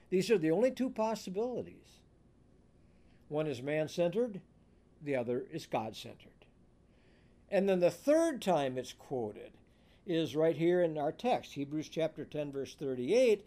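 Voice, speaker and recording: Slow, high-voiced male preacher. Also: big pitch swings, mellow. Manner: slow, deliberate preaching with emphatic scripture reading. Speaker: pastor. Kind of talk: sermon.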